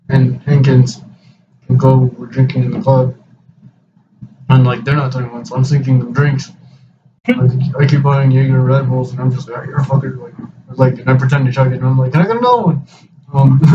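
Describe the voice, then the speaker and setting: A young man in his twenties casually telling a long, profane story, with a lot of quoted back-and-forth dialogue. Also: medium pitch. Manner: profane, rambling, animated retelling with quoted dialogue. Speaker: podcast host. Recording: distant mic, dull lo-fi sound with clear background hiss.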